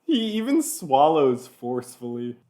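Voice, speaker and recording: Male reaction commentator, sarcastic, animated up-and-down delivery. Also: medium pitch. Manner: sarcastic, pausing the clip to mock it.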